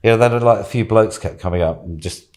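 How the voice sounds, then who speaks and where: A man's voice: fairly low pitch, quick pace, darkish tone. A man and podcast guest telling a casual, rambling story, chuckling and dropping plenty of "you know"s.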